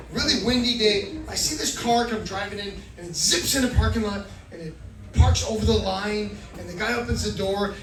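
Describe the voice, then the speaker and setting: Man, stand-up comedian, animated self-mocking storytelling, roomy club heard from afar, loud crowd. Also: high-pitched, distant mic. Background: audience laughter.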